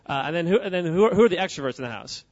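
A man's voice: on the high side, lively intonation, racing, darkish tone, no echo, muffled recording. A man giving an informal, joking talk to a live audience, quizzing the crowd as he goes. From United States. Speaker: speaker at a church gathering.

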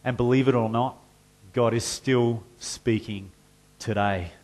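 A male pastor preaching a sermon, moving between conversational explanation and loud, forceful reading of scripture. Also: mid-range voice, fairly even intonation, a little slow. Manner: reads scripture loudly and forcefully, then drops to a conversational tone.

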